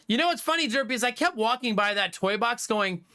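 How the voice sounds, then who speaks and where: Animated, bright-voiced man telling stories. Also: very high-pitched, a little fast, smooth. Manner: animated storytelling with frequent laughter. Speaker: livestreamer. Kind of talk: casual chat reading viewer comments.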